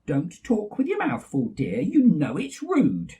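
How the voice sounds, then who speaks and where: A man's voice: high voice, wildly swooping pitch, unhurried, dark tone, far from the mic, exaggerated voice. A man voicing a prim, fussy mother bear in a children's story. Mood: scolding.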